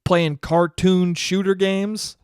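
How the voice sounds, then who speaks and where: A young man hosting a solo comedy podcast, ranting sarcastically and swearing constantly, swinging between yelling and low mumbling. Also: flat delivery, takes it slowly, smooth, dry recording, studio quality. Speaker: podcast host.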